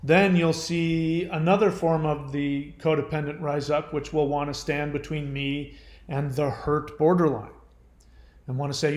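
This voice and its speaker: Man, earnest explainer, fairly high voice, roomy echo. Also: flat delivery, measured pace. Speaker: channel host. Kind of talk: unscripted talk to camera.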